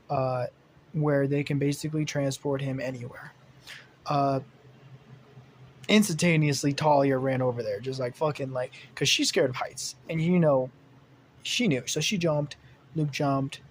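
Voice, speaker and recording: A man's voice: mid-range voice, slight background noise. A young man narrating an improvised fan story, rambling with many fillers and casual swearing.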